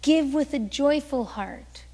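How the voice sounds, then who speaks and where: Woman, pastor, sermon, high voice, lively storytelling, long hall reverb. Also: slow. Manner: animated storytelling, acting out quoted voices.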